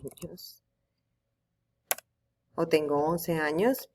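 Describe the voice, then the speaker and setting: A woman's voice: low voice, slow pace, darkish tone, slight background noise. A woman teacher walking students through an online tool, patiently explaining step by step at her computer. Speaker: Spanish teacher. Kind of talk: screen-recorded tutorial.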